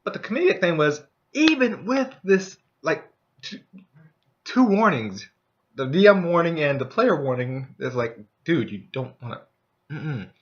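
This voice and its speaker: Animated, rambling young man. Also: on the high side, unhurried. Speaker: storyteller. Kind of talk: casual anecdote about a tabletop game. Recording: dull lo-fi recording.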